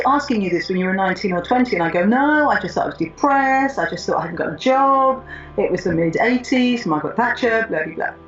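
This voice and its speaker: A woman in her fifties telling her own story in an interview, reflective and thoughtful with frequent pauses. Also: mid-range voice. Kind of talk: personal storytelling. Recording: slightly muffled with soft music.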